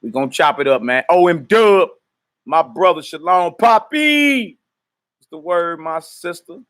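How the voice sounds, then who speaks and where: A man's voice: fairly high pitch, lively intonation, measured pace, fairly bright tone. A man leading a ministry livestream, greeting viewers by name in loose street slang and then calling out prayer lines for a group to repeat. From United States. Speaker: minister leading a live-streamed teaching. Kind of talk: casual shout-outs and call-and-response prayer leading.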